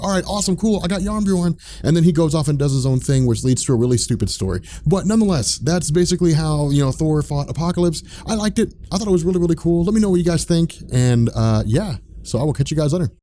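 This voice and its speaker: A man hosting a casual comic-book recap, rambling loosely with plenty of fillers and slang. His voice is warm and mellow at an ordinary pitch. Faint music plays under him.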